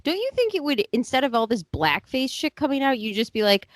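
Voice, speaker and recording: A woman co-hosting a podcast in casual chat, animated and incredulous, laughing and swearing. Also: high voice, moderate pace, no room sound.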